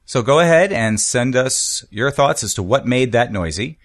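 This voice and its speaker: A man's voice: medium pitch, expressive, moderate pace, heavy background noise. A man hosting a podcast in casual chat, wry and easygoing. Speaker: podcast host.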